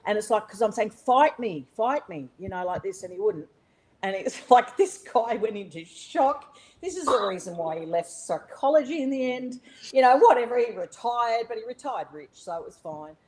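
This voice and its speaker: An Australian woman, middle-aged, telling a personal story as a podcast guest, animated and blunt, swearing freely with many fillers and restarts. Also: on the high side, moderate pace, rough recording. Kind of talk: casual conversational storytelling.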